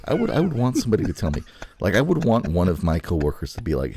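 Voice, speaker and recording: A man's voice: sits low, wildly swooping pitch, fast, warm tone, slight background noise. A young man co-hosting a podcast in casual chat, crude and joking as he goes. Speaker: podcast co-host.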